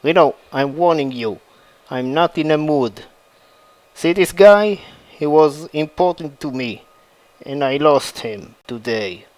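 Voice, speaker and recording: A man's voice: a little high, expressive, slow, darkish tone, no room sound, low-quality recording. A man voicing a grieving, fierce young woman fighter, read aloud in a plain fan story narration. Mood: defiant.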